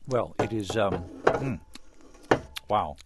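A man's voice: fairly low pitch, animated, takes it slowly, very noisy. A man from the US Midwest hosting a studio interview, a polished, good-humoured presenter. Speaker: TV host. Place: broadcast studio.

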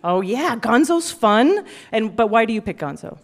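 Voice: mid-range voice, big pitch swings, moderate pace. A host running a casual, playful interview with guests and laughing often. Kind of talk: casual chat show interview.

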